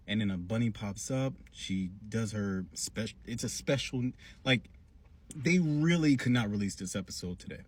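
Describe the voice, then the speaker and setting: Husky-voiced man recapping a cartoon. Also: on the low side, a little slow. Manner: slangy, animated storytelling. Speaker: cartoon reviewer. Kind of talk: casual episode recap.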